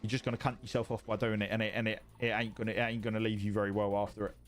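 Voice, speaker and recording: A man's voice: on the low side, flat delivery, racing. A man streaming from home, chatting casually with viewers in a rambling, sweary way that repeats itself. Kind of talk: casual livestream chat reading viewer messages.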